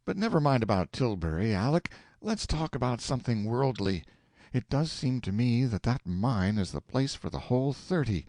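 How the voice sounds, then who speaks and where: A man's voice: mid-range voice, sing-song, normal speed, darkish tone, no echo, studio quality, pitched above the performer's own voice, natural voice. Eager, folksy husband, impatient, swooping delivery; male narrator playing him. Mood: grumbling. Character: eager, excitable middle-aged husband. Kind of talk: audiobook character voice.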